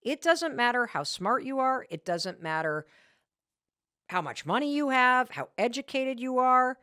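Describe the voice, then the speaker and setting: A woman's voice: high-pitched, very animated, measured pace, bright, forceful tone, no room sound, studio quality. A woman hosting a podcast, giving a motivational talk and telling her own stories with emphatic, self-mocking candor, repeating her key points. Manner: candid with mild profanity. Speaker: podcast host.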